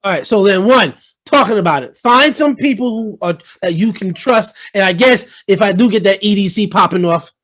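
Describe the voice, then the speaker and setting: A man hosting a casual podcast, playful and quick to joke. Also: high voice, lively intonation, a bit bright. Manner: playful, joking, laughs easily. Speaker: podcast host.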